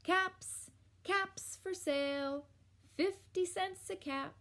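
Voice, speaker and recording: A woman voicing an angry male cap peddler who shouts and scolds in a storybook reading. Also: extremely high pitch, slow, voice pushed up, exaggerated voice. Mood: calling out. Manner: shouting, finger-wagging scolding.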